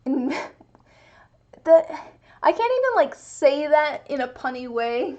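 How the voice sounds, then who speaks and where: A young woman chats casually on a livestream. She talks in a fairly high voice and slips into a cooing baby voice for her cat. The sound is muffled and lo-fi. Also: big pitch swings, slow, long pauses, darkish tone. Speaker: streamer. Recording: muffled lo-fi stream audio.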